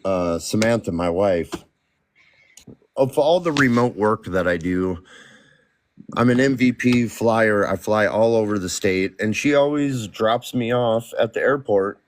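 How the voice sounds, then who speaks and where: A man's voice: fairly low pitch, a little hiss or hum. A man in his forties speaking candidly in a casual podcast chat, often breaking off and restarting his words. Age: 40s. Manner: candid, halting, restarts mid-word when emotional. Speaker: podcast guest.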